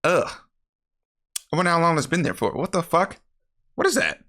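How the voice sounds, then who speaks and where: Bright-voiced young man recapping a movie. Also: fairly quick. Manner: animated, profane, acts out characters' lines in jumpy higher voices.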